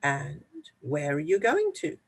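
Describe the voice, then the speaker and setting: A storyteller voicing a menacing troll under a bridge, booming out threats in a read-aloud tale. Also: wildly swooping pitch, slow, gravelly, exaggerated voice. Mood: threatening.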